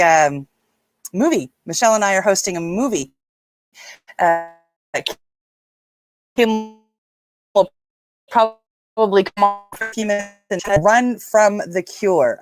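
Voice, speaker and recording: A woman's voice: medium pitch, no room sound. A woman from Nova Scotia, hosting a casual live stream, chatty and rambling as she greets viewers by name. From Nova Scotia, Canada. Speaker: livestream host.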